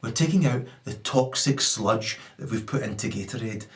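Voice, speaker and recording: A man voicing a smug, cruel corporate villain in a low, muttering tone. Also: moderate pace, close to an everyday voice.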